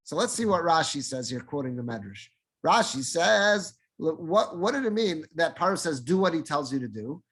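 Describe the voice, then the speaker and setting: Rabbi, middle-aged, higher-pitched man, teaching a Torah class and acting out the quotes. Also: expressive, normal speed, vocal fry, fairly bright tone, breathy edge. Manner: explains Hebrew verses in English, acting out speakers' lines.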